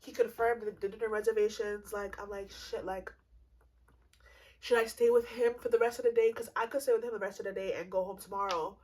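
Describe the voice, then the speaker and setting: A woman in her twenties telling a comedic storytime vlog, animated and profane, acting out both sides of the conversation. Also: medium pitch, fairly quick. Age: 20s. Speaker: vlogger.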